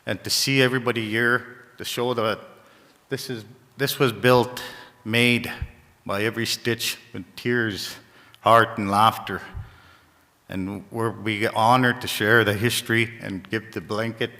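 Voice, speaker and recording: A man from Saskatchewan, a First Nations community leader, gives a halting, heartfelt ceremony speech, often repeating phrases. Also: on the low side, steady tone, pushed and bright. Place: large gymnasium. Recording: echoey gymnasium reverb.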